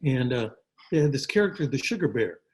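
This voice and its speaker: An older man, an actor, telling stories in a relaxed interview from his home over a video call, with frequent restarts and repeated words. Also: medium pitch, fairly quick, slightly rough, rough recording. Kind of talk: casual storytelling interview.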